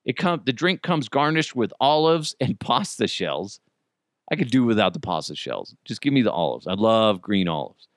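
A man's voice: fairly low pitch, big pitch swings, moderate pace, no room sound, studio quality. A man hosting a comedy podcast, talking in a crude, joking, rambling way. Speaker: podcast host.

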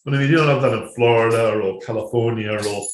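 Male director guest, rambling anecdotes, mid-pitched, echoey room. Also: fast, a little hiss or hum. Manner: rambling, many restarts and asides, laughs at own jokes. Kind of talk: casual anecdote-telling.

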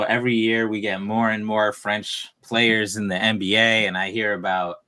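A man with a New York accent hosting a casual podcast, relaxed and chatty, laughing easily with his guests. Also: fairly low pitch. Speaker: podcast host.

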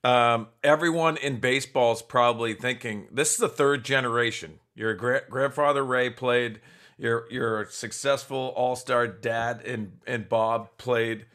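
Brief: male co-interviewer, mid pitch, quick halting questions. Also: steady tone, a bit bright.

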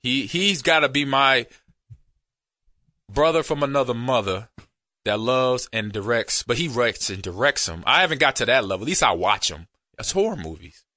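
A man co-hosting a podcast in easygoing, rambling casual chat that often drops to a low murmur. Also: expressive, moderate pace, sharp tone, dry recording, studio quality. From United States. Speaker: podcast co-host.

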